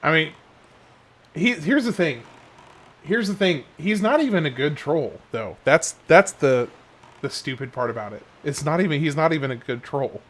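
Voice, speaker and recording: A man's voice: fairly high pitch, expressive, moderate pace. A man from Oklahoma with a Southern accent, streaming a game and chatting casually with his viewers on a headset mic, laid-back and often chuckling. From Oklahoma, USA. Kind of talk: casual live-stream chat while playing.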